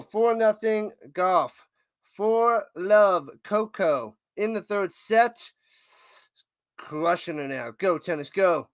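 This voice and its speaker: A man doing casual live play-by-play of a tennis match as a streamer, excitable, humming and chanting between points. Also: sits high, slow pace, no echo, clean studio sound.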